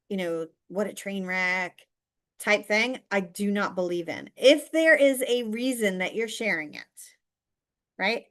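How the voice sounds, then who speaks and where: A woman's voice: on the high side, fairly bright tone. A woman coaching viewers directly in a chatty, emphatic way, teaching how to stand out online.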